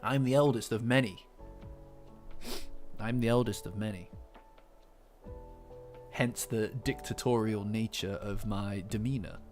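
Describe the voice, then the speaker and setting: A man's voice: fairly low pitch, steady tone, measured pace, pauses often, soft background music. Playful man chatting with his stream. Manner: playful, bantering with chat. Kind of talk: casual live-stream chat.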